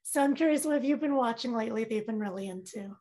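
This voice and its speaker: A woman interviewer with a slightly high voice keeps a casual chat going. She is bubbly and laughs often between questions. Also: quick pace, dark tone.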